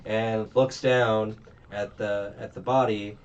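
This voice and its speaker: A man's voice: on the low side, steady tone, measured pace. A man casually recapping a movie plot, rambling with lots of ums and uhs and acting out the characters' lines. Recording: distant, muffled mic with faint noise.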